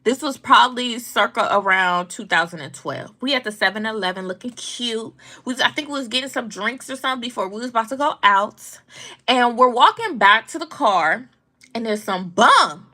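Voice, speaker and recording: Lively, bright-voiced woman telling stories. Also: fairly high pitch, moderate pace. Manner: animated, blunt, slangy and profane. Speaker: vlogger commenting on news. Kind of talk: casual storytelling commentary.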